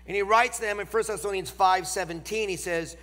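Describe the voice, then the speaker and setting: Nasal man with a Northern American accent preaching in a large church; emphatic, slows on key lines, bright edge, reverberant hall. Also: high-pitched. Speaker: guest preacher. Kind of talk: sermon.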